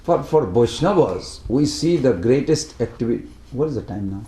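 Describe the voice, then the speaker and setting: A man's voice: medium pitch, moderate pace, slight background noise. Man telling a devotional story. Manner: animated storyteller who acts out the characters. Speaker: speaker at a devotional study group. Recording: roomy echo.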